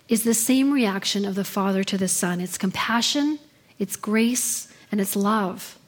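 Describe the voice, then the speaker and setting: A woman preaching a sermon in her thirties, telling stories in an earnest way. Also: a little high. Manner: earnest storytelling delivery.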